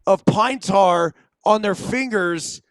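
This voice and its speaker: A man's voice: high voice, slow, dry recording. A middle-aged man co-hosting a baseball show, chatting casually and laid-back, often saying "dude". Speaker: co-host, former ballplayer.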